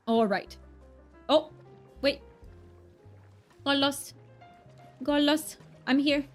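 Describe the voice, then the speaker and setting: A woman's voice: high voice, drawn-out words, faint music behind. Giggly, rambling woman streamer. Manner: giggly, rambling, frequent restarts. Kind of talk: casual live-stream chat while gaming.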